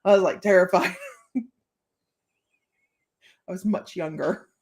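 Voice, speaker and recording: A woman's voice: on the low side, fairly even intonation, slow pace, a little mellow. A woman hosting a casual live psychic-reading stream, chatty and playful, laughing often as she reads out cheeky card lines. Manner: giggly, chatty, laughs often between remarks.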